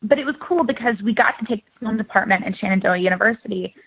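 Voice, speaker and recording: A woman's voice: medium pitch, fast talker, vocal fry, husky. A young woman in her twenties, an actress guest in a casual interview, talking in a chatty, upbeat way and laughing easily. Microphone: phone. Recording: tinny phone line.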